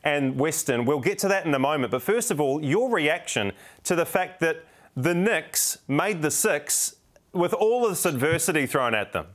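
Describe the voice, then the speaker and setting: A man's voice: fairly high pitch, animated, moderate pace. A man with a New Zealand accent hosting a football show, asking friendly, upbeat questions. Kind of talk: casual interview hosting.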